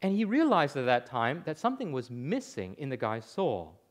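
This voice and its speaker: A man who is a pastor, preaching an impassioned sermon with emphatic, deliberate lines. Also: medium pitch, huge pitch swings.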